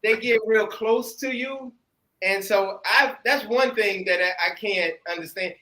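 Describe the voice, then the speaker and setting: A man's voice: high voice, a little slow, sharp tone. A man chatting casually and bluntly, with slang and loose swearing. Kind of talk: casual chat. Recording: echoey room.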